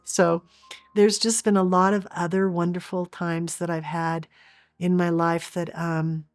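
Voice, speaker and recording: A woman's voice: lowish voice, level tone, measured pace, dry recording, clean studio sound. A middle-aged woman from Oregon, an interview guest telling a personal story earnestly, with frequent restarts. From Oregon, USA.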